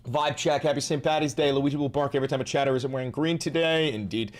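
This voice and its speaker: A man hosting a live stream, ranting about politics with heavy swearing and sudden shouts. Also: medium pitch, steady tone, fast talker, hardly any pauses. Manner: profane, ranting, bursts into shouting. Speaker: livestream host.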